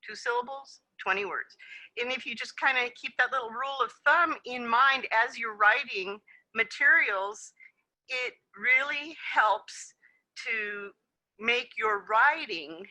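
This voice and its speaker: A woman's voice: on the high side, unhurried, sharp tone, rough recording. A woman presenting a conference session over a video call, explaining in a friendly way with some fillers. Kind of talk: webinar presentation.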